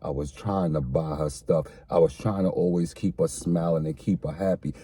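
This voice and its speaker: Deep, husky-voiced man on a podcast. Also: fairly even intonation, mellow. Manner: earnest, explains slowly with repeated phrases. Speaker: podcast co-host. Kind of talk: casual podcast conversation.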